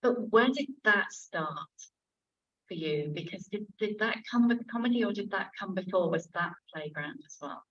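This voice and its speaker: A woman interviewing a guest at a book event, asking relaxed, halting questions. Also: mid-range voice. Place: bookshop event room. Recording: muffled event recording.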